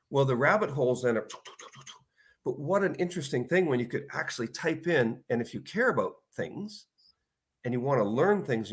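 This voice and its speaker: A man in his fifties, an author guest in a casual interview, telling stories and acting out quotes in lively bursts. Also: mid-range voice. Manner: animated storyteller, acts out quotes.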